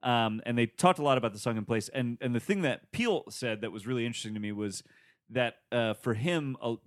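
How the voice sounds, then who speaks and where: A man's voice: mid-range voice, brisk. A man hosting a casual film discussion, building his points with care in long runs.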